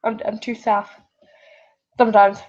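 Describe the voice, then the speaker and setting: A woman's voice: medium pitch, little pitch movement, unhurried, highs cut off. A woman reading fan fiction aloud in a rambling way, often breaking off to apologize, recorded at home at night on a built-in device mic. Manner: rambling, self-interrupting, apologetic. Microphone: built-in device mic, no proper microphone.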